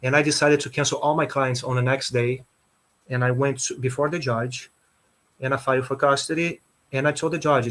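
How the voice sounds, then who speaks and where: Interview guest, male, earnest, keeps restarting, medium pitch. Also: steady tone, fairly quick, a bit bright. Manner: earnest, repeats "okay" and restarts often. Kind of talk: personal story in an interview.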